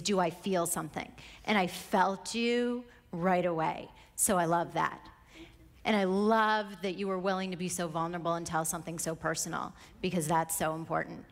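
A woman with a lower voice gives measured feedback to a contestant, praising before she critiques. Her voice rings with long reverb from a big room. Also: a bit bright. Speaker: judge giving feedback. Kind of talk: live judge feedback.

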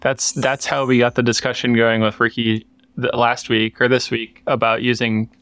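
A man with a smooth, resonant voice co-hosts a podcast in loose, rambling conversation, full of fillers and false starts. The sound is dry and close, with no room around it. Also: medium pitch, flat delivery, moderate pace, fairly bright tone, dry recording. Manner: rambling, many fillers and restarts. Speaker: podcast co-host. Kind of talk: casual chat. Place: workshop.

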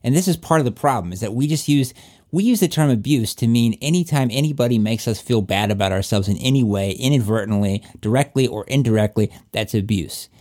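Man, casual opinionated chat, emphatic, swears a lot, mellow, mid pitch. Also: brisk. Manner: emphatic, swears often, acts out quoted voices.

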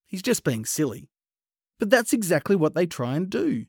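A man retelling a Bible story for children in a playful, animated way, with sudden hushed pauses. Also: sits high, husky, dry recording, clean studio sound.

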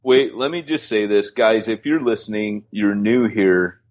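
A man co-hosting a podcast in casual banter, teasing his partner and cracking quick jokes. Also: on the low side, darkish tone, dull audio. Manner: teasing, playful, quick to joke. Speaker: podcast co-host.

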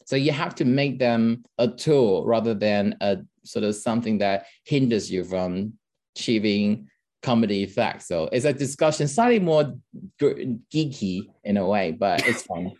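A man's voice: fairly low pitch, unhurried, a little mellow. A man with a Taiwanese accent, a comedian speaking as an interview guest in a careful, earnest way. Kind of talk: casual interview.

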